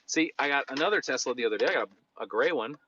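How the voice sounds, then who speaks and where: A man's voice: mid-range voice, lively intonation, rapid-fire, pushed and bright, lo-fi sound, slight background noise. A man live-streaming from inside a car, chatting loosely and jokingly while reading out viewer comments. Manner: loose and joking, drifts between topics.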